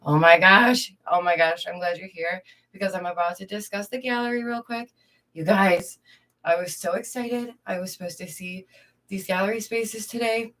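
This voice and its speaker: A woman's voice: mid-range voice, moderate pace. A young woman, a streamer and art teacher, chatting casually to her viewers, laughing often and greeting them directly. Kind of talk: casual livestream chat. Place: indoors at home.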